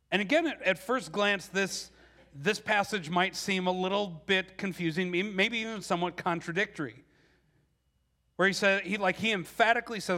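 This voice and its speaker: A pastor in his forties delivers a sermon in a relaxed, conversational way. His voice sits fairly high for a man, and he often restarts his phrases and fills them with "like". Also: moderate pace. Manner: conversational, with frequent "like" and repeated words.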